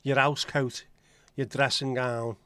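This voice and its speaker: A man's voice: medium pitch, flat delivery, takes it slowly, pushed and bright, clean tone, dry recording. A man with a Liverpool accent hosting a casual livestream chat, joking, swearing freely and greeting viewers by name. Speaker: livestream host.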